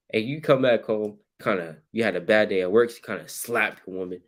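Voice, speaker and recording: Low-voiced man teaching scripture, slangy. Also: moderate pace. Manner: animated, acts out scenes with sudden loud shouts; casual street slang.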